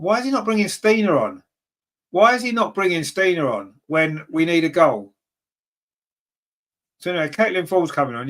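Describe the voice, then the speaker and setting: A fan commentator and channel host runs a watchalong, calling a live football match and reading out viewer comments. He's openly partisan, grumbles about team selections, and his voice shoots up sharply in pitch and volume whenever a chance arrives.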